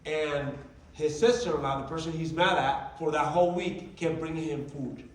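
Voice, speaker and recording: A man's voice: a little high, normal speed, slight background noise. A man giving a motivational talk to a group, telling stories and acting out the dialogue. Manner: animated, acts out quoted dialogue. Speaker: motivational speaker. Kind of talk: storytelling presentation. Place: large meeting room. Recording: echoey hall, distant mic.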